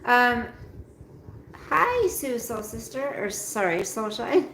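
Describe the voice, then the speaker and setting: The voice is a woman's, a little high and a bit bright, hosting a casual livestream from a roomy room at home. She's tired and yawning, rambling slowly and greeting viewers by name as she reads chat; the rough recording is echoey with a little hiss or hum.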